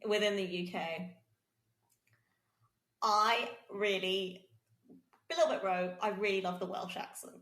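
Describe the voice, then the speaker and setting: A woman chatting on a podcast in a lively way, prompting her partner and telling anecdotes. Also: medium pitch, a little slow, pauses often. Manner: lively, prompting, laughs often. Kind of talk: casual podcast conversation. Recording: roomy echo.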